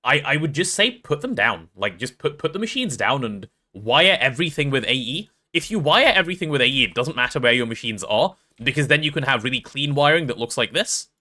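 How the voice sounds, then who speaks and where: A young English man casually chatting on a gameplay livestream, reading chat aloud and joking, quick to apologize. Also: medium pitch, expressive, sharp tone. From England.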